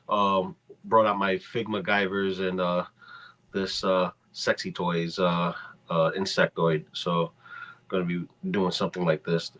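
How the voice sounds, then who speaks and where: Man around forty, lowish voice, hesitant, goofy, lots of ums. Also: fairly bright tone. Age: 40s. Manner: hesitant, goofy, many fillers. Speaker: podcast panelist.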